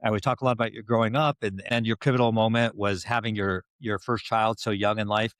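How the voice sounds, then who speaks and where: Guy hosting a podcast, low voice, talks fast, lots of restarts, dry close mic. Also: little pitch movement, fairly bright tone, no room sound. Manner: quick, rambling questions with restarts. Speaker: podcast host. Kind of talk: casual podcast interview.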